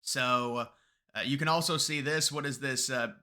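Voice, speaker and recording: A man talks through polls in a casual commentary video, mocking and opinionated, breaking off into quick asides. His voice is strikingly bright and sharp, and sits at an ordinary pitch for a man. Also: fairly even intonation. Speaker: political commentator.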